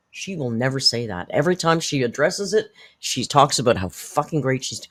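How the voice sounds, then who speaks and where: A woman's voice: very deep voice, lively intonation, brisk, hardly any pauses, fairly bright tone. Sarcastic, swearing woman commentator. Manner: sarcastic, blunt, swears often. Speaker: commentary channel host. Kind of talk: reaction commentary.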